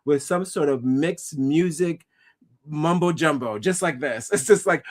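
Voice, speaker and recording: A man co-hosting a casual podcast chat, animated and opinionated, laughing often and slipping into mocking voices. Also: fairly high pitch, unhurried. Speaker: podcast co-host.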